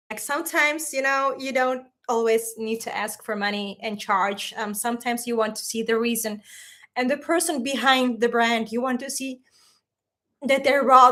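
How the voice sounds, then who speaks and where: High-pitched woman on a spiritual livestream, teary and rambling, reads the chat out loud. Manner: heartfelt and rambling, reading chat aloud, fighting back tears. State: tearful. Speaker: spiritual teacher hosting a livestream. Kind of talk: emotional livestream talk.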